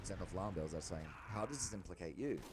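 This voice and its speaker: A man's voice: low-pitched, expressive, quick pace. A young man venting in a casual monologue, rambling and agitated, swearing often and restarting his sentences. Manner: rambling, profane and agitated, full of restarts and fillers. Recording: loud background noise.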